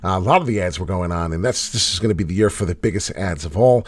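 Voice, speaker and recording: A man hosting a casual livestream, commenting on charts in a blunt, swearing way, with loud bursts of hype and low mutters. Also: animated, fast talker, breathy edge, dry recording. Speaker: crypto chart host.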